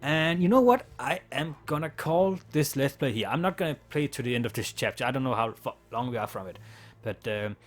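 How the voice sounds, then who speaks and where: Casual non-native gamer reading aloud. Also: male voice, mid-range voice, expressive, a little fast. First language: not English. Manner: casual and chatty, reads game text aloud. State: slightly sore throat. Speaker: let's play gamer. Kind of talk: let's play reading and commentary.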